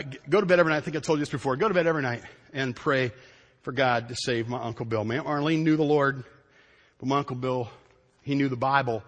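A middle-aged man preaching a sermon as pastor, telling a family story in an animated way and repeating phrases for emphasis. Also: a little high, breathy edge, in a large hall.

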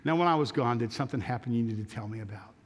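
A man voicing a calm, gentle missionary in a sermon story. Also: medium pitch, rapid-fire, slightly rough, in a large hall, pitched below the performer's own voice, lightly acted. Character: gentle wise male missionary.

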